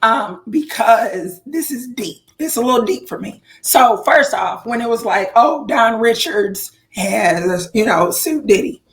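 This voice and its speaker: A woman co-hosting a casual podcast chat, voice going hoarse, animated with playful exaggerated reactions. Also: a little high, measured pace, few pauses. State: losing her voice. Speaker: podcast co-host.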